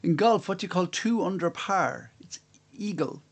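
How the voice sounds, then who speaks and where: A man's voice: sits high, lively intonation, moderate pace, gravelly. Chatty man hosting a quiz. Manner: chatty, self-mocking asides between questions. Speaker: quiz host. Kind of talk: live-streamed pub quiz. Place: room at home.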